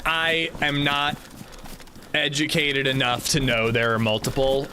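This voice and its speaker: A man's voice: mid-range voice, little pitch movement, unhurried, pushed and bright, slight background noise. An American man streaming a game, chatting and joking as he answers his chat. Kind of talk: casual gaming livestream chat.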